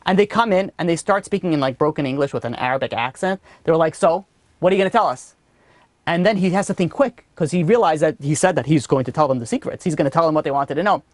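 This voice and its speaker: A man teaching a religious class, telling a story in a lively way with many "you know" asides. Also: fairly high pitch, quick pace, hardly any pauses, dry recording. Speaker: rabbi teaching a weekly class.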